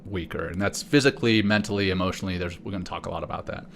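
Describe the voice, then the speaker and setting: A man's voice: deep voice, very fast, gravelly, a little hiss or hum. A middle-aged man from South Africa, co-hosting a podcast and telling a personal story in a conversational way. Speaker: podcast co-host. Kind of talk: casual podcast chat.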